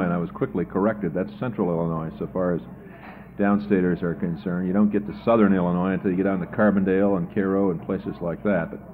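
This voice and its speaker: A tired male political candidate tells stories in a radio interview, doubling up his opening words as he talks. His voice sits low, and the sound is thin and tinny, like an old archival broadcast. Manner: chatty storyteller, repeats words when starting sentences.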